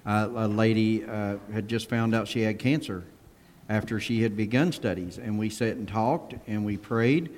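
A man, a pastor, talking casually on a panel and telling stories in an animated way, acting out what people said. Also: lowish voice, normal speed, big-room sound. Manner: animated storyteller who acts out quotes and laughs.

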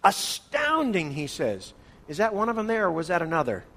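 A man's voice: on the high side, very animated, fast talker. A man from the northern United States teaching an interactive church Bible study session, playfully calling on listeners by name. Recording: long hall reverb.

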